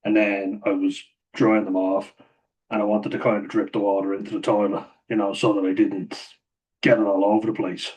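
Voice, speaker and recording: A man's voice: lowish voice, flat delivery, moderate pace, darkish tone, highs cut off. A man telling a rambling story to camera, swearing freely and laughing often mid-sentence. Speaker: vlogger.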